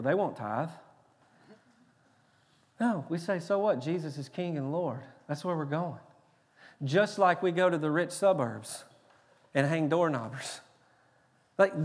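A man with a Tennessee Southern accent preaches a sermon from a large church sanctuary. His voice sits high for a man, and he talks in a lively, joking, emphatic way, often restarting his words. Long reverb from the big hall trails after every phrase. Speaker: pastor.

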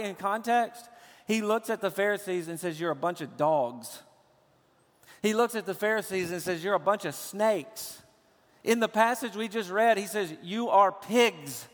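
A man preaching a sermon as a pastor, emphatic and slowing down to stress key phrases, recorded in a church sanctuary. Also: high voice, fairly bright tone. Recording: long hall reverb.

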